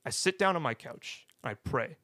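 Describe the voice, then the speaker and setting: A young man casually telling his personal faith story as a guest, halting and restarting, often tagging "right?". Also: medium pitch, lively intonation, bright, forceful tone, no room sound, clean studio sound. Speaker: guest sharing testimony.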